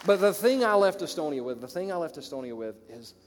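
Southern male pastor, fairly high voice, animated sermon delivery, long hall reverb. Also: fast talker. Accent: American Southern. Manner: energetic, swings from loud exclaims to quiet storytelling.

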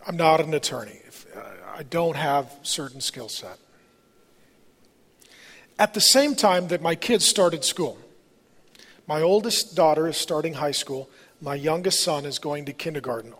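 In a large church auditorium whose hall adds a long reverb, a male pastor in his forties delivers a storytelling sermon. His voice sits fairly high and sounds slightly rough as he shares candid personal stories in a conversational way.

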